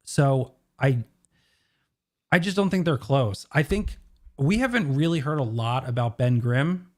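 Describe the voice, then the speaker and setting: A man's voice: mid-range voice, expressive, unhurried, a little mellow. A man co-hosting a casual podcast chat, opinionated and full of "like"s and restarts. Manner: opinionated, hedges with many "like"s. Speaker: co-host.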